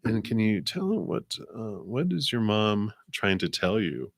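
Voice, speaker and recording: A man's voice: lowish voice, sing-song, measured pace. A man hosting a live tarot card reading, chatting in an easygoing way, laughing often and relaying what spirits say in his own voice. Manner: rambling with fillers, paraphrases spirits in his own voice. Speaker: tarot card reader, host of a live stream.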